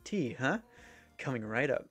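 Brash female fish warrior captain, read by a man, mid-pitched, blunt, faint game music under it. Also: big pitch swings, unhurried. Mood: gruff hosting. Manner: loud, boastful, blunt. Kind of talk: reading game dialogue aloud.

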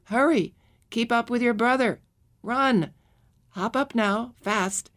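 A woman's voice: on the low side, close to an everyday voice. A woman reading as a firm, protective young mother. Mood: urgent. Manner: firm, deliberate.

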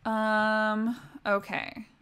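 A woman's voice: mid-range voice, completely flat delivery, extremely slow, a bit bright, clean tone. Chatty young woman streaming a life-sim game. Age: young adult. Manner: chatty, talks to her game characters. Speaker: livestreamer. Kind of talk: casual gameplay commentary.

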